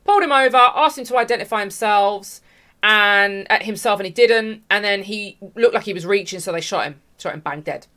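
Hosting an online commentary show, a British woman gives opinionated takes in a medium-pitched, sharp voice at a slightly quick pace. She speaks emphatically, repeats her points, and talks straight to her viewers.

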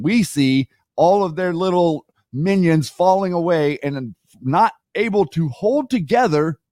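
A man welcomes listeners to a talk show and speaks with emphatic, declamatory force. His voice is slightly higher than average. The recording is dry and close. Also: no echo. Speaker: co-host of a live talk show.

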